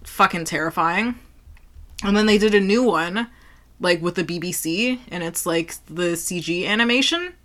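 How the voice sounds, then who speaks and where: A woman's voice: on the low side, moderate pace, a bit bright. A woman in casual podcast chat, swearing freely and filling her talk with "like". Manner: swears freely, heavy use of "like".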